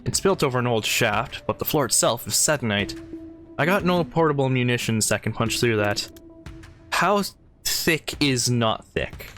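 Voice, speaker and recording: A man narrating a tactics game, reading each character's lines aloud in his own voice at a middling pitch. He slips out of the script now and then to chat. Faint music sits under his voice. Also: a bit bright. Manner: reads lines aloud with chatty asides. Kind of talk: casual let's-play narration.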